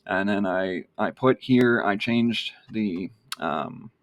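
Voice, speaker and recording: A man's voice: on the low side, takes it slowly, no echo. A man giving a casual screen-share tutorial on online marketing, rambling with lots of ums and restarts.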